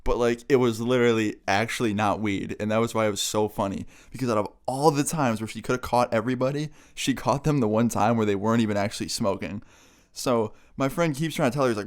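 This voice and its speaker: A man's voice: medium pitch, fast talker. A young man vlogger telling a funny story in a casual, laughing, swear-filled way.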